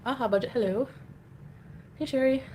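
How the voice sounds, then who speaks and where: A woman's voice: sits high, a little fast, mellow, a little hiss or hum. A woman livestreamer chatting casually with her viewers in a rambling way and a baby voice, played back as a clip.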